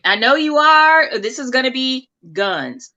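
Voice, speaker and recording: A woman hosting a live-stream talk show, lively and chatty, laughing often. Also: sits high, unhurried, highs cut off.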